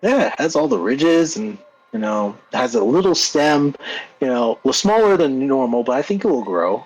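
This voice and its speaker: A man's voice: fairly high pitch, very animated, moderate pace, gravelly, rough recording. A playful man taking part as a player in a tabletop game, laughing often. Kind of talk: casual tabletop play.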